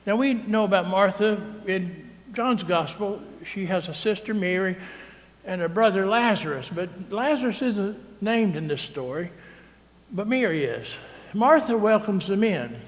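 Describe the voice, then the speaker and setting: A man's voice: sits high, expressive, measured pace. A male priest, preaching a sermon in a chatty, teasing way and often asking "right?". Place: church sanctuary. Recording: long church reverb.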